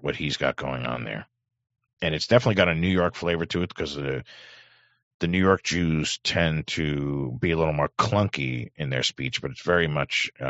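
A man's voice: extremely low pitch, fairly bright tone, no room sound, highs cut off. A middle-aged man hosting a livestream, reading chat aloud in a sardonic, rambling way with many fillers. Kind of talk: casual livestream commentary.

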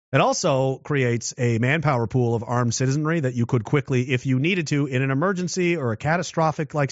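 A man's voice: medium pitch, dry recording. A man giving a casual monologue, rambling with restarts and rhetorical questions. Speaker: political commentator. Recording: dull lo-fi dry recording.

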